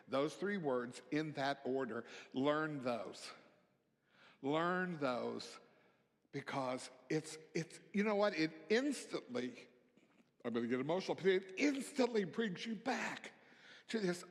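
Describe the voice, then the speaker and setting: A man preaching a reflective sermon as a minister, slow and gentle, dropping to near-whispers on key phrases. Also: fairly high pitch, expressive. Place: church sanctuary. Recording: long hall reverb.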